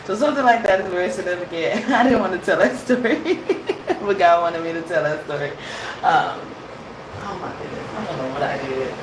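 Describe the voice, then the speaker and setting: A woman's voice: on the low side, animated, brisk, noisy background. A woman hosting a tarot reading show, talking in a chatty, casual way and laughing often as she tells stories. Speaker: tarot reader and show host. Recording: roomy echo.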